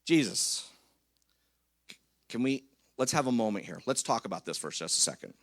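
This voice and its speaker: A man's voice: mid-range voice, sing-song, normal speed, no echo. A man preaching, acting out anxious disciples who plead in a hesitant way. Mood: fretful. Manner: hesitant, pleading, talking himself around. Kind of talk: acted quote in a sermon.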